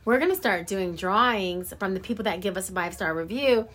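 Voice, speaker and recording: A woman from Washington state co-hosting a podcast in casual chat, talkative and quick to laugh as she plugs the show. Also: medium pitch, lively intonation, fairly bright tone. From Eastern Washington. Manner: chatty, laughs often, promotes the show. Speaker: podcast co-host.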